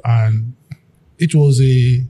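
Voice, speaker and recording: A man's voice: mid-range voice, drawn-out words. A Nigerian man, a musician, recounting his past in an interview and acting out the people he quotes. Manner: animated, acts out quotes. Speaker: guest musician. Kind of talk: storytelling interview.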